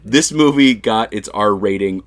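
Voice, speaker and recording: Jokey host, low-pitched, casual movie chat, home basement, dry. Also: male voice, measured pace, no room sound. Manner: jokey, rambling, laughs at his own bits. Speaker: podcast host.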